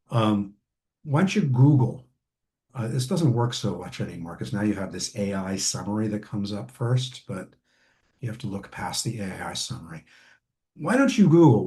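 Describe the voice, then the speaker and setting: Male trainer, warm relaxed voice, casual lecturing with fillers and restarts. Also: medium pitch. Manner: conversational, many ums and restarts. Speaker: family therapy trainer.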